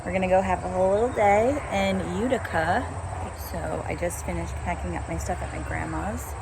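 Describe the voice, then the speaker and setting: A woman's voice: lowish voice, normal speed, creaky, very noisy. A young woman from upstate New York chatting casually to her camera while she walks a country road, amused and laughing at herself. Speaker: vlogger. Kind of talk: casual vlog narration.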